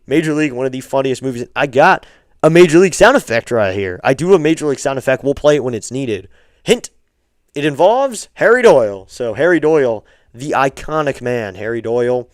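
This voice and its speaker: A man calling amateur baseball play-by-play on a live stream, calm between pitches and lifting his voice on each hit, with chatty asides to viewers. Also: no room sound, clean studio sound.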